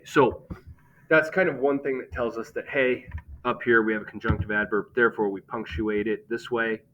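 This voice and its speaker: A man's voice: on the low side, a bit bright, lo-fi sound, slight background noise. A man teaching a grammar lesson, explaining step by step and checking in with "okay?".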